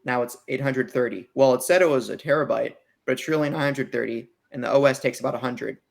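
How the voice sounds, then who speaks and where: A man's voice: medium pitch, fast, gravelly. A man co-hosting a podcast, chatting casually in a rambling way that often trails off mid-sentence. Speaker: podcast co-host. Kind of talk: casual chat.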